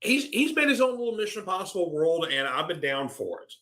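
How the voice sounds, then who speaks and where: A man chatting casually about movies as a guest. He rambles with enthusiasm and uses lots of fillers. His voice is slightly high and bright. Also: sing-song, a little fast. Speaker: podcast guest. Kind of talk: casual geeky movie chat.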